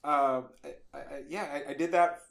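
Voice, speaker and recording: A middle-aged man with a slightly high voice tells stories as a guest on a casual interview podcast. He is animated and acts out the lines of the people in his stories. The recording has a roomy echo around the voice. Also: normal speed, vocal fry.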